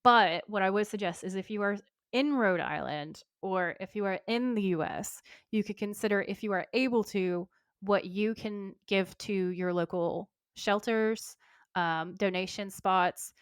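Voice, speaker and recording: A woman co-hosting a podcast, chatting warmly and enthusiastically and reading a post aloud. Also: mid-range voice, measured pace, smooth, dry recording, studio quality. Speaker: podcast co-host. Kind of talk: casual chat and reading aloud.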